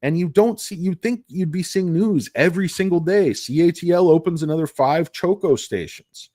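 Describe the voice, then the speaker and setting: A man's voice: a little high, moderate pace, mellow, dry recording, studio quality. A man giving casual, rambling stock commentary, jokey and self-deprecating. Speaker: stock market vlogger.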